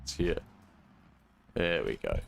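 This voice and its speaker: A man's voice: very deep voice, big pitch swings, slow pace, gravelly, a little hiss or hum. A young man from Western Australia with a working-class Australian accent, chatting casually and rambling while streaming a driving game. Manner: rambling, hesitant, trails off with "I don't know". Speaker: gaming streamer. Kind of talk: casual gameplay chat.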